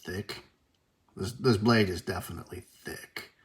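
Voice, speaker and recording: Speaking in a deep, slightly slow voice, this host walks viewers through his bench work in a laid-back workshop video. He drops dry jokes at his own expense and mutters remarks as he goes.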